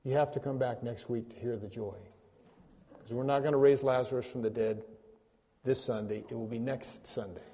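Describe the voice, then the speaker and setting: A man preaching a sermon as pastor, repeating key phrases with emphasis and swinging between loud and hushed delivery. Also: mid-range voice, fairly even intonation, normal speed. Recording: long reverb of a large hall.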